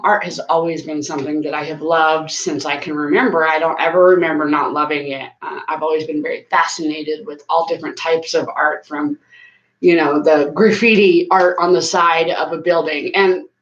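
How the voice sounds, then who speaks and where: A woman, talking earnestly and casually to viewers on a live stream from her bathroom, with plenty of fillers. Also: deep voice. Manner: chatty, earnest, with frequent fillers. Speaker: YouTuber doing a live stream. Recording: echoey small room, slightly dull sound.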